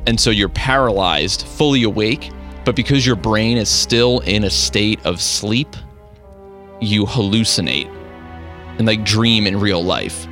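A man's voice: fairly low pitch, a little slow, fairly bright tone, faint music behind. A young man hosting a radio show, chatting casually in a laid-back, rambling, self-deprecating way. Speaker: radio host. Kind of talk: casual chat.

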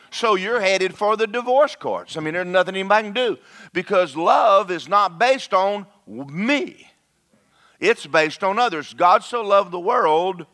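A man preaching a lively, conversational sermon and talking straight to his congregation. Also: high-pitched.

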